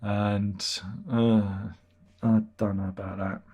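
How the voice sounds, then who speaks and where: A man's voice: lowish voice, little pitch movement, slow, phone-quality sound. A man hosting a casual livestream chat, rambling and self-deprecating. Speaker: livestream host.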